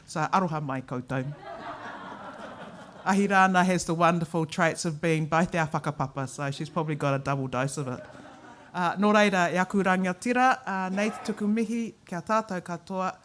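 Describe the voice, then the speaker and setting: A woman with a New Zealand accent representing a museum board, giving a formal ceremonial speech. Her delivery is measured and she mixes oratory with wry, joking asides. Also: on the low side.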